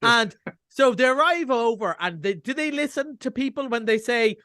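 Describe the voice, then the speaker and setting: A man's voice: extremely high pitch, lively intonation, normal speed, sharp tone, no echo, studio quality. A middle-aged Irish man reviewing films on a radio show over a video call, chatty, wry and self-mocking. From Ireland. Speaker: film reviewer. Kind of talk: casual radio chat.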